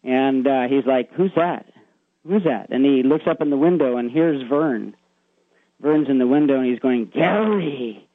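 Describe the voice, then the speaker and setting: A man's voice: mid-range voice, steady tone, moderate pace, dry recording. Male caller over a tinny phone line. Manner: earnest, retelling a secondhand story with many fillers. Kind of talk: phone-in storytelling.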